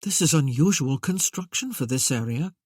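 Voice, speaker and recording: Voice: mid-range voice, animated, moderate pace, husky, dry recording, clean studio sound. A curious, charming young nobleman, Kenva, as the narrator puts him on. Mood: intrigued.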